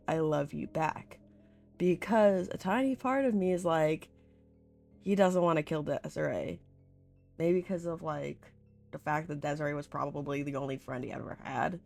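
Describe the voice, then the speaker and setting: Woman vlogger, deep for her sex, unhurried, casual and chatty, faint music behind. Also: vocal fry. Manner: chatty and rambling, full of "like", with laughs and swearing. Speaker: vlogger recapping a horror series. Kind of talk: casual chat.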